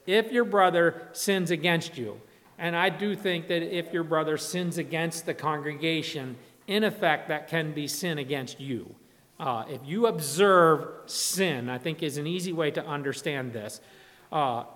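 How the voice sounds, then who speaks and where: A man's voice: a little high, fairly bright tone. A man preaching a sermon in a conversational way, often restarting and acting out quotes. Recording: long hall reverb.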